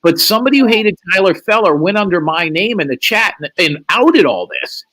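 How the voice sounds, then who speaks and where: A man's voice: sits high, animated, brisk, pushed and bright, poor audio. A man telling a long, profane story as a guest on a live stream, acting out what other people said in a raised voice. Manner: profane, acts out quoted lines in a raised voice. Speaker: livestream guest. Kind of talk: animated storytelling.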